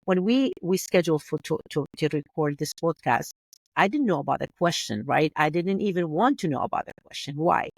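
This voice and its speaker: A woman's voice: sits low, lively intonation, fairly quick, no echo. Earnest Kurdish-accented woman, dry sound. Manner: earnest, stumbling restarts and repeated words. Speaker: podcast guest. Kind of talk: casual interview chat.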